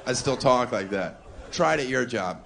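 A man doing a crude, brash stand-up comedy set on a club stage, punching up his lines with shouts. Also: mid-range voice, lively intonation, moderate pace, creaky. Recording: live club recording with crowd noise. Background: audience laughter and applause.

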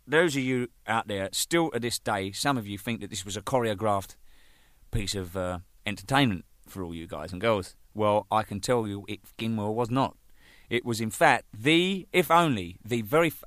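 A man, a band drummer telling anecdotes in an animated way, swearing freely and laughing at his own jokes. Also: lowish voice, dry recording. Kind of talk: anecdotal storytelling.

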